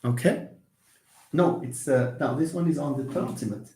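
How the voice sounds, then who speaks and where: A man's voice: a little high, normal speed, dark tone. A man giving a live English lesson, explaining and repeating words and answering viewer questions. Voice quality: switches between English and Moroccan Arabic. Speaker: English teacher. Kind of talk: live online lecture. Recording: echoey room.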